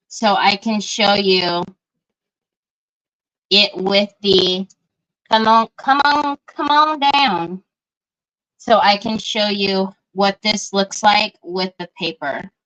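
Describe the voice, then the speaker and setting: A woman's voice: medium pitch, a bit bright. A middle-aged woman, chatting casually and greeting viewers by name while she crafts on a livestream. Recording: dull lo-fi livestream audio.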